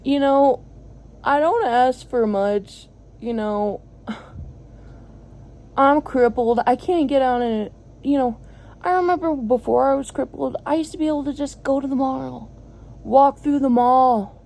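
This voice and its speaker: A woman with a high-sitting, darkish voice talks slowly into her phone from inside her home. Her update to viewers is a frank, rambling vent, heavy on fillers and deadpan sarcasm, in a low-quality recording.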